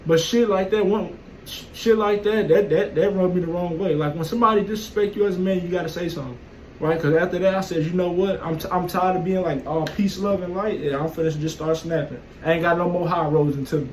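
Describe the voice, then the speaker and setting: A man's voice: high-pitched, steady tone, fast talker, slight background noise, low-quality recording. A man telling a casual, profane story in a blunt, streetwise way. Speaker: vlogger. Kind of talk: casual monologue.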